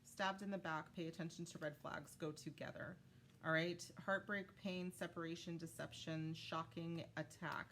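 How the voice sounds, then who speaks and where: Low-voiced woman giving a chatty tarot reading. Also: steady tone, normal speed, fairly bright tone, a little hiss or hum. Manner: chatty, many fillers, talks to spirit guides. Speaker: tarot reader. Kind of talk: casual tarot reading to viewers.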